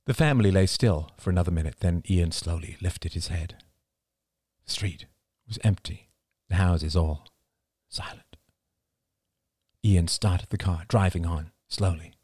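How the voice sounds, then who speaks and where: Male audiobook narrator, low and animated, recorded dry and close. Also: unhurried, slightly rough, no echo. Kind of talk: scripted narration.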